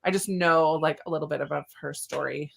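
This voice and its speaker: A woman's voice: low-pitched, brisk, vocal fry, a bit bright. Enthusiastic woman hosting a live chat. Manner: enthusiastic and welcoming, with chatty fillers. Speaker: host of a live book discussion. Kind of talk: casual live-stream chat.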